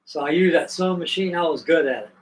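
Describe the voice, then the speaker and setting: A man's voice: a little high, fast talker, far from the mic, rough recording. An older man from Virginia, hosting a live stream, spinning a rambling, folksy story with restarts. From Virginia, USA. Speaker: host.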